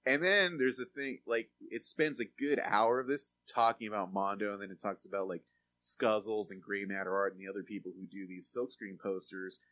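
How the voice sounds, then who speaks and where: A man's voice: fairly low pitch, normal speed. A man co-hosting a podcast, chatting loosely about films with lots of fillers. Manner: rambling, filler-heavy, animated when excited. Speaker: podcast co-host reviewing films. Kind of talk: casual chat.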